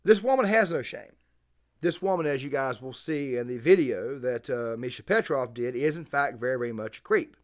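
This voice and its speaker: A man's voice: medium pitch, expressive, normal speed. A man hosting a reaction commentary, talking emphatically and wordily and repeating his phrases. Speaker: channel host.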